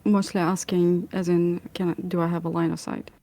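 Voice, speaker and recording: A woman's voice: fairly low pitch, level tone, fairly quick, mellow. A woman playing in a tabletop game, chatting casually and laughing often. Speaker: player.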